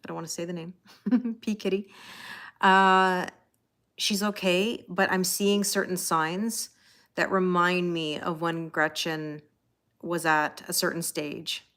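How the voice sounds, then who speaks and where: A woman's voice: on the low side, fairly bright tone. Chatty Canadian woman on a livestream. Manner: chatty and reassuring, talks straight to viewers with frequent "you know?". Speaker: tarot reader hosting a livestream. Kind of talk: casual live chat, reading out viewer comments.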